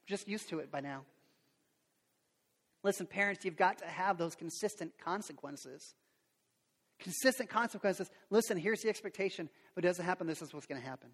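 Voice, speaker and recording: A middle-aged man preaching a sermon as a pastor, animated, acting out quotes and sound effects. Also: high voice, brisk, breathy edge. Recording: long reverb of a large hall.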